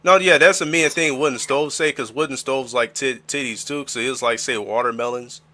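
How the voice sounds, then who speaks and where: A man's voice: mid-range voice, fairly even intonation, normal speed, bright, forceful tone, a little hiss or hum. A man streaming casual reaction chat, rambling with crude jokes and lots of fillers.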